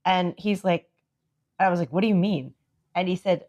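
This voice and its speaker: A woman co-hosting a podcast, chatting casually and telling an animated story, acting out the dialogue and saying "like" often. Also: on the low side, measured pace, dull audio. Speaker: podcast co-host. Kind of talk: casual chat.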